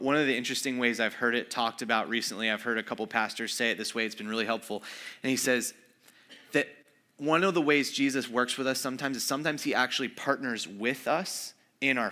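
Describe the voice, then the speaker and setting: Bright-voiced man preaching conversationally. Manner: conversational, animated, acts out quoted voices; drops to a soft low voice for emphasis. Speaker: pastor. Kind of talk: sermon.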